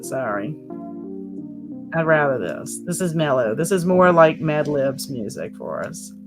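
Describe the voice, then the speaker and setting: A woman hosting a relaxed live stream, chatting in a rambling way and reading out viewer comments. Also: low-pitched, a little slow. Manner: rambling, chatty, lots of fillers. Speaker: livestream host reading chat comments. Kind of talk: casual chat. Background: soft background music.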